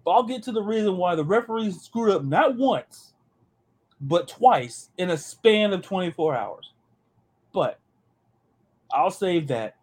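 A man hosting a sports podcast, talking in an animated, joking way and often repeating his words. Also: high voice, a little slow, long pauses. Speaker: podcast host. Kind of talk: casual sports chat.

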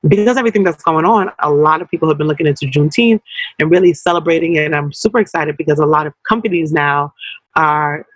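A young adult woman co-hosting a casual podcast, talking in an animated, slangy way with quick asides. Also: low voice, no room sound, poor audio. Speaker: podcast co-host.

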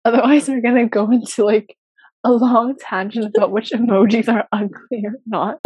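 A woman's voice: on the high side, fairly even intonation, normal speed, darkish tone, slightly rough, dry recording, rough recording. A young woman co-hosting a casual podcast, chatty and giggly, with lots of fillers. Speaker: podcast co-host. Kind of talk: casual chat.

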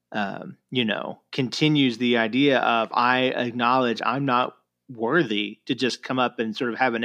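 A man's voice: mid-range voice, fairly bright tone. Man in casual Bible discussion. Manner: conversational, quotes scripture with voiced asides, many fillers.

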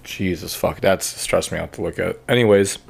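A man's voice: sits low, a little fast, creaky, husky. A man hosting a podcast, chatting crudely, swearing and laughing often. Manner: laughs often, swears, trails off mid-sentence. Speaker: podcast host. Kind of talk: crude casual chat.

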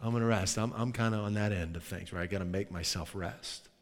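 A man preaching in a conversational, animated way, sometimes dropping to a hushed tone. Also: deep voice, brisk. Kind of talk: sermon. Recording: long hall reverb.

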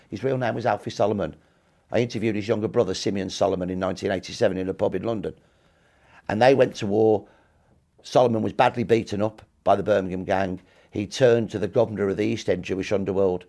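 A man's voice: on the low side, gravelly, darkish tone. A man in his sixties, a historian guest telling history in emphatic, punchy short clauses during an interview.

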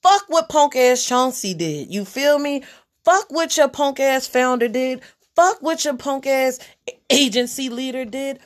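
A woman's voice: sits high, expressive, a little slow. A woman hosting a podcast, giving a general spiritual reading as a blunt, profane pep talk that repeats its key lines.

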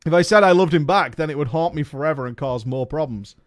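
A man's voice: a little high, fast. A man reading a story aloud to his viewers as a streamer, breaking off to swear, laugh and crack jokes to the boys.

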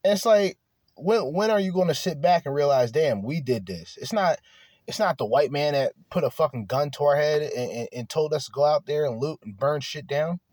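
A man's voice: a little high, a little fast, darkish tone, dry recording, clean studio sound. A man talking in a blunt, profane, rambling monologue, restarting his sentences often, in a casual chat. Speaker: podcast host.

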